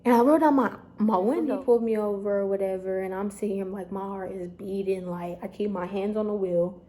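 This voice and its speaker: A young woman, telling a storytime vlog straight to her viewers in an animated, chatty way. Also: mid-range voice, brisk. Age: young adult. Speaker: vlogger.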